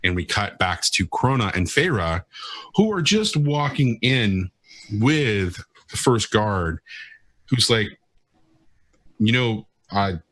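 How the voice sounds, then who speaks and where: A man narrating as game master for a tabletop game, halting, with many fillers and restarts. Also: lowish voice, sing-song, a bit bright, no room sound.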